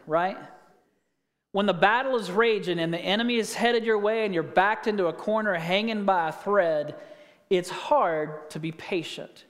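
A man's voice: high-pitched, normal speed, big-room sound. A man pastor preaching a sermon in a conversational way, reading scripture and telling stories.

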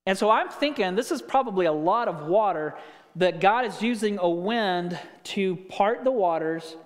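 A man's voice: high-pitched, expressive, moderate pace. A man preaching a sermon as a pastor, telling stories and asking the listeners rhetorical questions. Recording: long reverb of a hall.

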